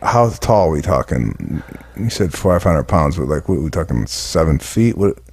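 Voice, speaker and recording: A man's voice: a bass voice, sing-song, moderate pace, darkish tone, husky. A man co-hosting a comedy podcast, cutting in with blunt, profane questions. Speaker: podcast co-host. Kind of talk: casual chat.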